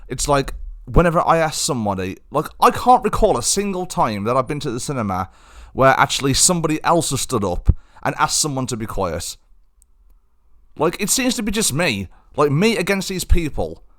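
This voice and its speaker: A man's voice: fairly high pitch, sing-song, moderate pace, a bit bright. A young man hosting a solo podcast, talking in a rambling, frustrated way with many restarts. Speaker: podcast host.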